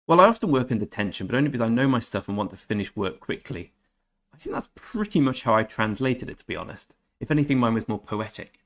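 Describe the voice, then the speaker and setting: A man's voice: medium pitch, very animated, fairly bright tone. A man streaming a game, chatting casually with viewers, reading out their messages and stumbling through German phrases. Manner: chatty, reads out and answers viewer chat, halting German attempts. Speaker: gaming streamer. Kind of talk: casual live-stream chat.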